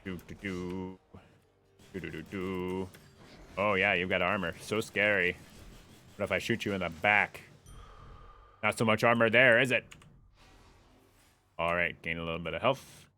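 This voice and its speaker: A man's voice: sits low, moderate pace, pauses often, bright, forceful tone. A young man giving playful live commentary as he plays a game, humming along and taunting enemies. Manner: playful, taunts enemies and hums while playing. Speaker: streamer.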